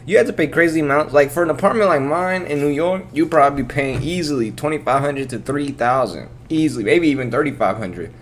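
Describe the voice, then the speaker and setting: A man's voice: fairly high pitch, lively intonation, brisk, few pauses, slight background noise. A man hosting his own vlog from his apartment bedroom, rambling in a loose, profane, laid-back way. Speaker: vlog host. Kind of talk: casual rambling vlog chat.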